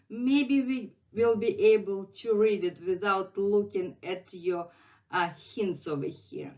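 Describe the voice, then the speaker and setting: Middle-aged Russian-accented woman, patient teacher, very slow and repetitive delivery, muffled lo-fi sound. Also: mid-range voice. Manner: patient, repeats words slowly for learners. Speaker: language teacher. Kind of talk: language lesson.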